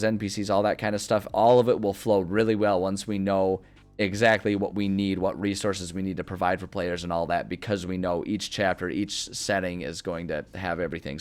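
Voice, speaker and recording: A streamer thinking aloud in casual chat as he plans a story, rambling with many fillers and restarts. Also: low-pitched. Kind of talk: casual livestream chat about story planning.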